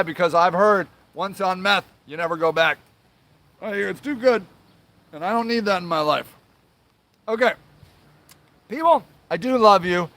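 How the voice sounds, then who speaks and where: Male host, high pitched, angry, foul-mouthed livestream rant, apologetic in between. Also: a bit bright, dry recording. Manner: angry, profane, swears constantly; apologizes then rants on, trailing filler sounds. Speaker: show host.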